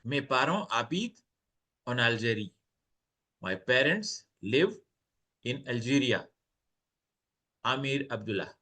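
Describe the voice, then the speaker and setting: Slow-talking man teaching French. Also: medium pitch, very animated, pushed and bright, husky. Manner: slow, explains each French phrase in English, lifts voice when reading dialogues. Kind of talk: online French lesson, reading and translating dialogues.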